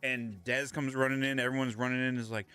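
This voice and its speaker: A man's voice: mid-range voice, little pitch movement, quick pace, pushed and bright, soft background music. A young man co-hosting a podcast, retelling events in a rambling, laid-back way. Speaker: podcast co-host. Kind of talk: casual chat.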